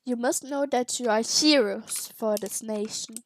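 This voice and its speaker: A bossy, hot-tempered president from a video game, read aloud by a woman. The voice sits high and the delivery is slow and deliberate. It sounds like on-screen dialogue being read out rather than fully acted. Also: slight background noise, natural voice. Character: bossy male game president, easily angered.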